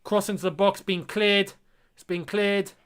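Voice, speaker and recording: A young man gives live match reaction and commentary in a high, clean, fairly bright voice, with fairly even intonation and a measured pace. Incredulous and exasperated, he speaks directly to his watchalong viewers, calling them lads.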